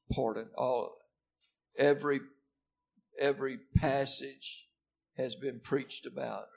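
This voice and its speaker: A man preaching a sermon to a seated church congregation, swinging between loud declarations and hushed words, often repeating words for stress. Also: medium pitch, fairly even intonation, slow, gravelly, long pauses. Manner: repeats and restarts words when stressing a point. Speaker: pastor.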